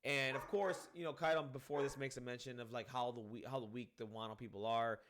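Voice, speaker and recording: A man's voice: mid-range voice, quick pace, noisy background. Rambling, swearing man reviewing comics. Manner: rambling, animated, swears freely, many fillers. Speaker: manga reviewer. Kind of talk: casual spoken chapter review.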